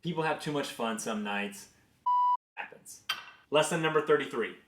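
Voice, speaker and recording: Heavy background noise and a roomy echo surround this man in his thirties, a business executive offering reflective stories and advice about his career. He speaks at a moderate pace in a mid-range voice, earnest and conversational, with animation in his anecdotes.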